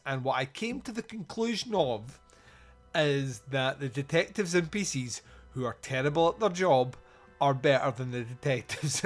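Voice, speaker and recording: A Scottish man hosting a podcast in loose, jokey chat, rambling and laughing often. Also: medium pitch. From Scotland. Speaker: podcast host.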